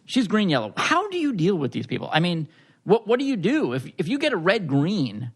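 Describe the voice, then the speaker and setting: A man co-hosting a podcast, asking questions in an animated, casual way. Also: high voice, a little fast, husky. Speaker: podcast co-host.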